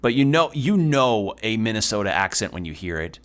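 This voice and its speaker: Lower-voiced man swearing through a game stream. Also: big pitch swings, fairly quick, a bit bright. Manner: rambling, swears often while playing. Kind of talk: casual let's-play commentary.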